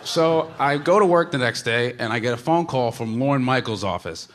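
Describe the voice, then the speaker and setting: A man's voice: mid-range voice, animated, normal speed, fairly bright tone. A man telling a comic story in a casual, rambling way, full of "like" and "you know.".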